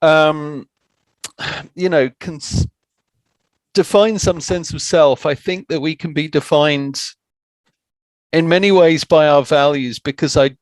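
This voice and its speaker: Male guest, unhurried, thoughtful and direct; dry close recording. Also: a little high, no room sound. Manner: thoughtful, measured, plain-spoken. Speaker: podcast guest. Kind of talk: conversational interview.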